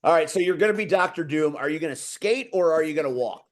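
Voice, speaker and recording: A man's voice: on the high side, fast talker. A man hosting a casual group video chat, teasing his guests with jokes. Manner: joking, teasing. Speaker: host.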